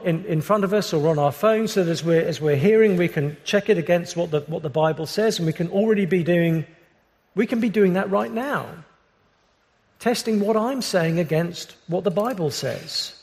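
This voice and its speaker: British man, pastor delivering a sermon, fairly high voice, earnest measured pace, long hall reverb. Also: a little mellow. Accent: British English. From Britain. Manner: earnest, measured preaching with frequent restarts.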